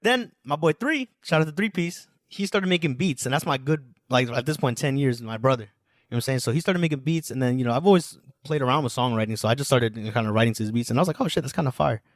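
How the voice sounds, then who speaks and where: Young male podcast guest, rapid slangy storyteller with a dry, close sound. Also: mid-range voice, animated, no room sound. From United States, New Jersey. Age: 20s. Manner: slangy, rambling, full of filler phrases. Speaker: guest musician.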